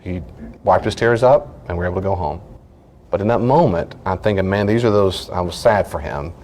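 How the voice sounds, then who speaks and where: A middle-aged pastor with a very low voice teaches in a relaxed, conversational way. He tells earnest stories and briefly acts out what other people said. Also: fairly quick, a little hiss or hum. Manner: earnest storytelling, acts out short quoted lines.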